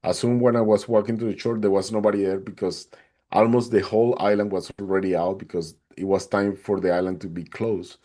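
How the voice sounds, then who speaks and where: Lowish-voiced man telling his story. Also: a little fast. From Atlanta, Georgia, USA. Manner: animated, acts out the other people's lines in a raised voice. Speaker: podcast guest. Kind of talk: personal storytelling.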